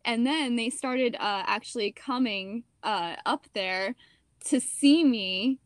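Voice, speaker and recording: A young woman actor telling stories in a casual interview, chatty and animated, with lots of "like" and "you know". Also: fairly high pitch, takes it slowly, dry recording, studio quality.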